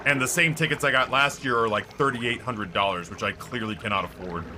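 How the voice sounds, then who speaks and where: Guy streaming a game and just rambling, swears a lot, lots of "like", mid pitch, noisy background hiss on the mic. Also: fairly quick. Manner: rambling, profane, heavy use of filler words. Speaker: Twitch streamer. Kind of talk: casual chat while streaming a game. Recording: clear background noise.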